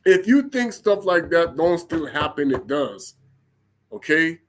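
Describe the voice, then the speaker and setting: A man's voice: on the high side, very animated, unhurried. A man giving an informal spoken sermon in a rambling, colloquial way, with frequent restarts and "okay?" checks. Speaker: religious teacher.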